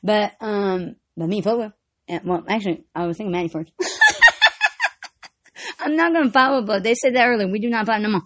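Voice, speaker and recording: A woman's voice: medium pitch, a little fast, pauses often. A woman vlogger telling rambling, casual stories, swearing freely and breaking into frequent giggles.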